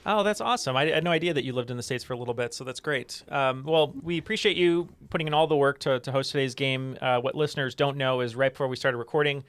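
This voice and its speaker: A man's voice: medium pitch, quick pace, hardly any pauses, a bit bright, clear, resonant tone. A man hosting a trivia podcast, upbeat and casual, with many fillers. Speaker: podcast host.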